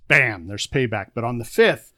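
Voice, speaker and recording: A man's voice: mid-range voice, expressive, normal speed, sharp tone. Rambling, chatty podcast co-host man. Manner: rambling, chatty, with many fillers and restarts. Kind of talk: casual chat.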